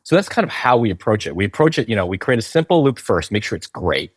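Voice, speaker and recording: A man with a fairly low voice explains ideas in a conversational interview, often checking in with "right?" and restarting his sentences. The sound is dry and close to the mic. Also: very animated, quick pace, no room sound. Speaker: game company founder, guest.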